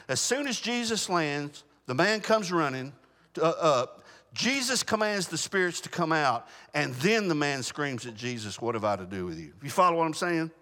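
A male Baptist preacher giving an animated sermon to his congregation. He restarts his words often and keeps asking the room whether they follow him. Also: fairly high pitch, big-room sound.

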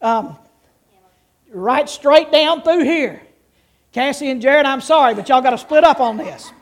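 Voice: high-pitched, a little slow. A preacher reading scripture and teaching a congregation in a folksy, interactive way in church. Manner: folksy, teaching, with audience participation. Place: church before a live congregation.

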